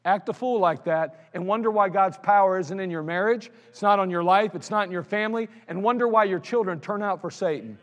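Blunt high-voiced preacher man. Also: a little fast, few pauses, fairly bright tone. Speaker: pastor. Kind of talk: sermon. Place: church sanctuary. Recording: long hall reverb of a church sanctuary.

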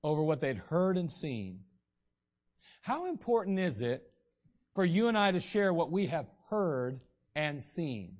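A man's voice: a little high, very animated, a little slow, darkish tone. A man preaching a sermon in a conversational way, acting out the voices of the people he quotes. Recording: dull, lo-fi recording.

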